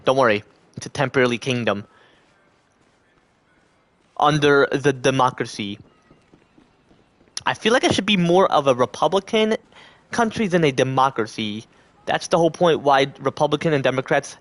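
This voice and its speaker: A male livestreamer talks to his chat at a middle pitch. He rambles loosely from thought to thought and slips into little put-on voices to act out what others might say. The delivery is casual and unscripted. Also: fairly bright tone. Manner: acts out quoted voices.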